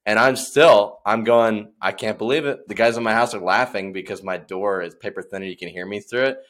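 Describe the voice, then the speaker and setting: A young man co-hosting a podcast, excitable and slangy, saying "dude" a lot. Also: fairly low pitch, brisk. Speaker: podcast co-host. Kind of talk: casual chat.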